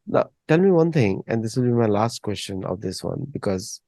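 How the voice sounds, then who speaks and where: A man's voice: fairly low pitch, expressive, moderate pace, creaky, warm tone, dry recording. A man hosting a casual discussion, rambling and repeating words as he thinks. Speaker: host.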